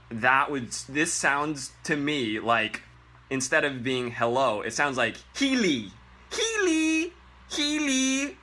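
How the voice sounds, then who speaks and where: Man from Japan, comic language-teacher host, swears freely, very bouncy pitch. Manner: animated, profane, mocks bad pronunciation in exaggerated voices. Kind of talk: comedic online language lesson.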